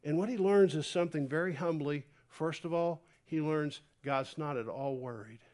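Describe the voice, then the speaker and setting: A man preaching a sermon, dropping to a hush and then rising to near-shouts as he acts out a scripture story. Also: on the high side, normal speed. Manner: animated, swings from hushed to loud. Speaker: pastor. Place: church.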